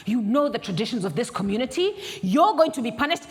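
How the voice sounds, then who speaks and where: A woman's voice: on the high side, big pitch swings, fast talker, long reverb tail. A woman storyteller voicing an outraged village husband scolding his wife. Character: furious proud village husband.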